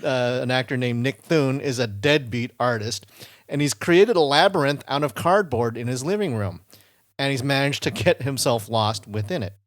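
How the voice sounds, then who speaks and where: A man's voice: medium pitch, normal speed, dry recording. Rambling man, dry close mic. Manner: rambling, many fillers and restarts. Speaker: podcast host. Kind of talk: casual chat.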